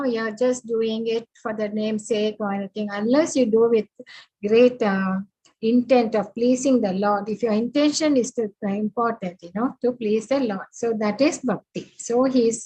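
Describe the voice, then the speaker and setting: A woman teaching an online scripture class over a video call, unhurried and full of fillers as she walks through her slides. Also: on the high side, a little mellow, breathy edge, rough recording. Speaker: spiritual teacher.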